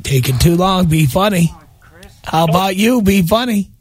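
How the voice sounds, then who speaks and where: Brisk radio host taking callers, husky voice with a lively pitch. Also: male voice. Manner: brisk, dismissive, cuts callers off. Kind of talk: radio call-in show.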